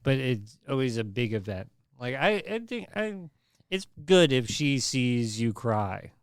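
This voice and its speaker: Smooth-voiced comedian guest. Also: male voice, mid-range voice, unhurried, no echo, clean studio sound. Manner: relaxed, self-deprecating storytelling. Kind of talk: casual podcast chat.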